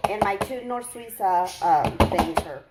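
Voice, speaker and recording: A woman's voice: mid-range voice, expressive, measured pace, very noisy. A woman chatting her way through a home cooking tutorial in her kitchen, rambling with lots of fillers and self-corrections, teary from cutting onions. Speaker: cooking vlogger.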